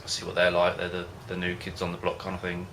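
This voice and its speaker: Deep, flat-voiced rambling home-brew vlogger. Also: male voice, fast, vocal fry, slight background noise. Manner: rambling, hesitant, loses his thread. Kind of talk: casual rambling chat to camera.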